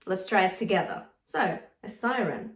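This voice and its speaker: A woman singing teacher explaining vocal registers in a clear, encouraging way. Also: mid-range voice, lively intonation, moderate pace, echoey room, far from the mic. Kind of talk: vocal lesson with sung demonstrations.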